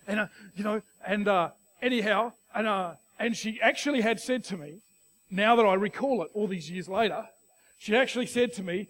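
A middle-aged man with an Australian accent, preaching a sermon through an animated personal story full of restarts. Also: sits high, a little fast.

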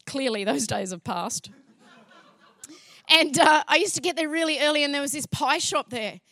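High-voiced woman telling a lively testimony. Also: normal speed, no room sound. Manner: lively, acts out dialogue, laughs often. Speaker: speaker sharing a faith testimony. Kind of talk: animated storytelling testimony.

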